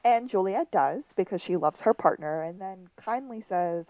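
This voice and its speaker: A woman's voice: on the low side, lively intonation, moderate pace, darkish tone, dry recording. A woman co-hosting a podcast, chatting casually as she recaps a TV episode and retells its scenes. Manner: chatty, laughs often, retells scenes with quoted lines. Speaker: podcast co-host.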